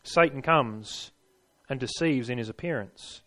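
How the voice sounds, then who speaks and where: A man's voice: medium pitch, unhurried, a bit bright. A man preaching a sermon, stressing his points and putting rhetorical questions to his listeners.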